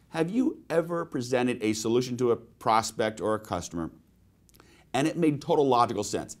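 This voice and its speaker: Lively man giving a sales webinar. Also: medium pitch. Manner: storytelling, asks the audience rhetorical questions. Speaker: sales trainer. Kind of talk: webinar presentation.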